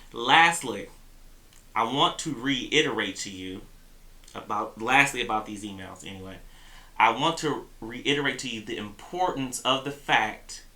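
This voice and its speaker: A man hosts a political commentary monologue. His voice is bright and forceful, and he leans hard on key words and closes on sarcastic jabs. The pitch sits in the middle range for a man. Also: echoey room. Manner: emphatic, builds to sarcastic punch lines. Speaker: host.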